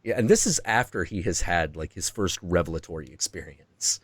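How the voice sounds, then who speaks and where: A man's voice: low voice, expressive, a little fast, no echo. A man hosting a stream, chatting casually and rambling through ideas, now and then acting out voices in quotes. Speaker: stream host. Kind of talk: casual chat.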